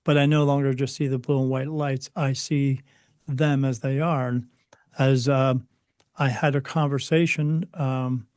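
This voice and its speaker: A man recounting personal experiences as an interview guest, earnest and halting, often repeating words as he goes. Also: mid-range voice, flat delivery, darkish tone, clean tone, no echo, clean studio sound. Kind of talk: personal storytelling.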